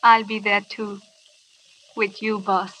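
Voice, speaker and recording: A woman's voice: mid-range voice, level tone, takes it slowly, distant mic, very noisy, lightly acted. An actress with a French accent playing a devoted young woman in love with a pirate, in tender, simple phrases, in a 1930s radio drama.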